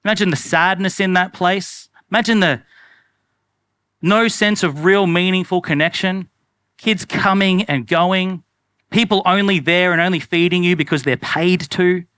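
A man's voice: sits high, measured pace, fairly bright tone, clean tone, dry recording. A man preaching an earnest, conversational sermon as a pastor, repeating phrases for emphasis.

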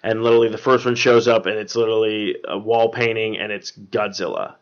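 A man's voice: on the low side, a little fast, highs cut off. Rambling man recapping a monster movie. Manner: rambling, many fillers and swearing. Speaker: podcast host. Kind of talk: casual movie recap chat.

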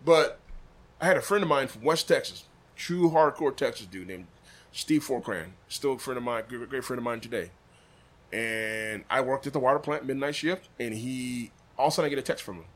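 A man from Des Moines telling a story casually, acting out quotes with big jumps in his voice. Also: fairly quick. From Des Moines, Iowa. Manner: animated, acts out quotes with big pitch jumps. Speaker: barbecue sauce maker, podcast guest.

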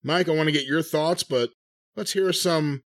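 A man's voice: a little high, normal speed. A man co-hosting a wrestling podcast, chatting casually and joking with frequent laughs. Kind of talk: casual chat about wrestling.

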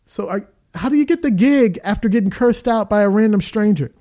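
A man, an actor being interviewed, who tells rambling, animated stories with lots of fillers. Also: high-pitched, fairly quick, few pauses. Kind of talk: casual storytelling.

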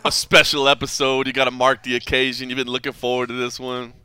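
A man's voice: medium pitch, level tone, quick pace, bright, forceful tone, clear, resonant tone, dry recording. A man hosting a podcast in casual chat, teasing his co-host playfully and restarting his sentences often. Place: indoors, at a home.

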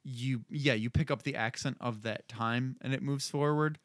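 A man's voice: medium pitch, steady tone, normal speed, fairly bright tone, no room sound, studio quality. A man co-hosting a casual chat, throwing in jokey asides and wisecracks. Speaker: podcast co-host.

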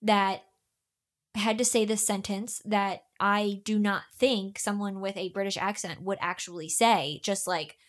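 A woman's voice: mid-range voice, fairly even intonation, measured pace. A young woman who narrates audiobooks, chatting casually with many filler words. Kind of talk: casual chat.

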